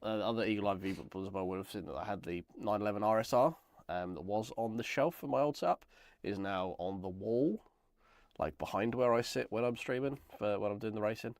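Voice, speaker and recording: Croaky hoarse man streaming. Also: fairly low pitch, fairly quick, dry recording, clean studio sound. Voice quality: croaky, gravelly. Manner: rambling, self-deprecating. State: hoarse from a chest infection. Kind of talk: casual live-stream chat while building.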